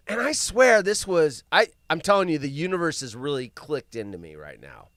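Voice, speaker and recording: A man hosting a live show in casual chat, rambling and often bursting into yelling. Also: fairly high pitch, big pitch swings, a little fast, hardly any pauses, no echo, clean studio sound. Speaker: podcast host.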